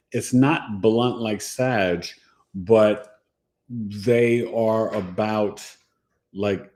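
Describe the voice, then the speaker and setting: A man hosting a home livestream in casual chat, playful and slangy, dropping rhymes and acting out quick quoted voices. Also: lowish voice, mellow. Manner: playful, slangy, rhyming asides. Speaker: astrology livestream host.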